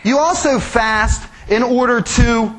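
A man preaching a sermon as pastor, animated, acting out quoted voices and making joking asides. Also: very high voice, slow pace.

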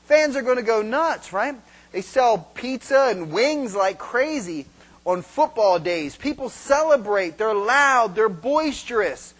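Animated high-voiced man preaching. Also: measured pace, rough recording. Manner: animated, acts out fans shouting and singing; rhetorical "right?" after points. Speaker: pastor. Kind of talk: sermon.

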